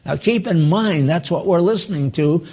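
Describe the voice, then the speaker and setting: A man in his nineties giving an informal Bible teaching, slow and chatty, with asides to his listeners. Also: a little high, warm tone, husky. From United States. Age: 90s.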